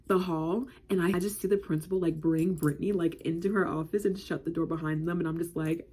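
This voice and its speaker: A woman in her twenties tells a casual storytime, slangy and packed with filler words. Her voice sits low, mellow and breathy. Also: steady tone, a little fast.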